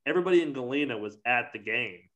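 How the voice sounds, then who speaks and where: A man talking casually among friends, his sentences wandering and packed with fillers. His voice sits at an ordinary middle pitch. He sounds relaxed and conversational. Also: fast talker, muffled recording. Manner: rambling, lots of "like" fillers. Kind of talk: casual chat.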